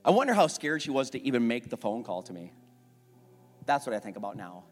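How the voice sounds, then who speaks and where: A man in his forties preaching a sermon as a pastor, telling a candid family story, rising when worked up and going soft when reflective. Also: medium pitch, sing-song, brisk. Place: church sanctuary. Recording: church hall with long reverb and faint music.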